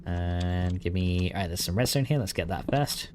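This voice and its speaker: A man's voice: sits low, normal speed, background noise. Rambling man streamer, full of "like". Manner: rambling, fillers of "like", laughing often. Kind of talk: casual chat while playing a game.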